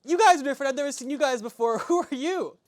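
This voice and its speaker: A man voicing an excitable young farm boy who fires off eager questions. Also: very high-pitched, voice pushed up. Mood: excited. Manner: eager, rapid-fire questions, laughing.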